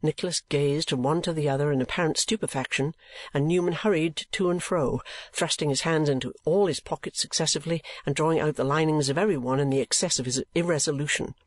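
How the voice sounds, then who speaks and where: A man reading a classic novel aloud as an audiobook, in measured, even scripted narration. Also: on the high side, dry recording. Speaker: audiobook reader.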